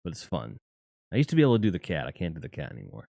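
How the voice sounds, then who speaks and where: A man's voice: a bass voice, huge pitch swings, very fast, vocal fry, dark tone, dry recording, studio quality. A man hosting a casual, rambling and jokey chat about music. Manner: rambling and jokey, with lots of fillers and laughs. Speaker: host.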